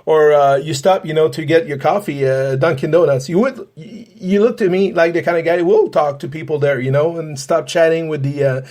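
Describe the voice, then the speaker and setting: A man with a fairly high voice hosts a casual podcast interview. He rambles and restarts often, stacking fillers as he circles toward his questions. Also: brisk, few pauses, a little mellow. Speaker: podcast host, paranormal investigator.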